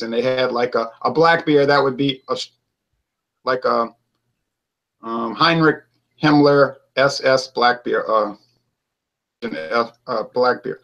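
A man's voice: medium pitch, a little slow, long pauses, fairly bright tone, dull audio. A man hosting a casual beer talk, rambling through hypotheticals and often restarting his sentences. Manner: rambling, hypothetical, self-interrupting. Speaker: beer reviewer and show host. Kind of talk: casual debate chat.

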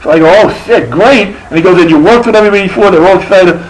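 A man's voice: high-pitched, rapid-fire, poor audio. A middle-aged man with a lisp, telling a profane, rambling stand-up story full of restarts. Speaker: stand-up comedian.

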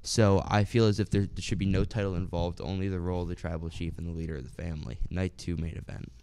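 Deep-voiced young man, easygoing. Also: level tone, fast, a little mellow, clean tone. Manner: easygoing, hands questions to his co-host. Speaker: co-host of a wrestling talk show. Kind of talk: casual chat.

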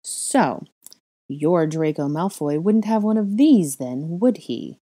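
A woman's voice: low voice, animated, takes it slowly, dark tone, slightly rough, heavily acted. A woman voicing a cold, mocking young man who sneers and purrs menacingly in a storybook reading. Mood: sneering.

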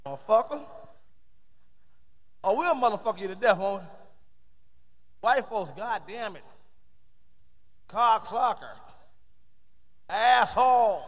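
A man's voice: sits high, very animated, normal speed, pauses often, highs cut off. A man doing live stand-up comedy on stage, with a punchy, heavily profane delivery.

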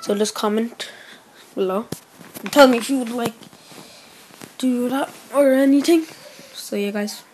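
A young woman giving casual gameplay commentary as host of her gaming channel, rambling and repeating herself, with sudden excited shouts. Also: mid-range voice, a little slow, pauses often, a little hiss or hum.

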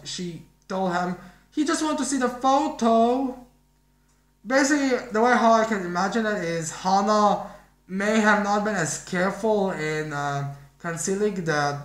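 A man's voice: high-pitched, fairly bright tone. A man casually reviewing a manga chapter, rambling and thinking aloud as he goes. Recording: roomy echo.

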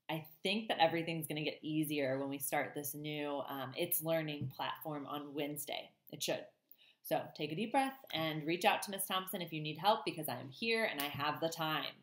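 A woman's voice: low voice, roomy sound. A woman teacher reading a children's novel aloud to her class and chatting to them, with a chatty manner and frequent ums. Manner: warm, chatty, many ums.

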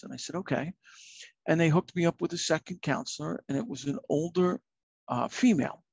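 A middle-aged retired fire captain speaks in a fairly high, gravelly voice with a husky edge. He talks candidly and reflectively in a plain, earnest way. The sound is dry and close, with no room around it. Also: brisk, dry recording. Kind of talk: candid personal storytelling.

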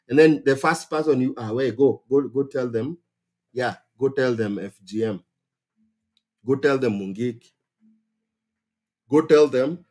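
A man with a Kenyan accent hosting a casual advice livestream, talking in an animated, exclamatory way and repeating phrases for emphasis. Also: medium pitch, moderate pace, slightly rough. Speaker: host.

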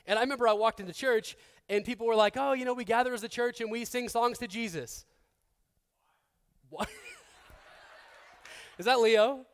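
A man in his thirties preaching a sermon as pastor, conversational and joking, with restarts, who acts out quoted people in a softer, lower voice. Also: moderate pace, pauses often, clean tone.

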